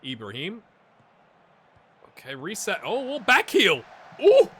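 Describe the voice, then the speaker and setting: Excitable man commentating his football game. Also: on the high side, normal speed, a little hiss or hum. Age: middle-aged. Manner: excitable, swings from mutters to shouts. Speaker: gaming YouTuber. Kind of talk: live gameplay commentary.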